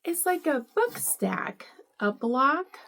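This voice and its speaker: A middle-aged woman talks unhurriedly through a casual home vlog, gushing over each gift she unwraps. Her voice sits a touch high with a gravelly fry. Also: very animated, takes it slowly, fairly bright tone. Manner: gushing, delighted, lots of "I love it". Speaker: vlogger unboxing gifts.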